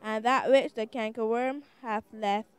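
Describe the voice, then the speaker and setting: Female student reader, slow formal scripture reading, smooth slightly high voice. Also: fairly even intonation. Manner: careful, measured, old-fashioned wording.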